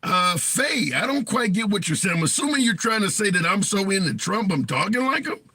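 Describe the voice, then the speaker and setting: High bright-voiced livestream host. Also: male voice, sing-song, brisk, breathy edge, no room sound. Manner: chatty, reads viewer comments aloud. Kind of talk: political livestream chat reading comments.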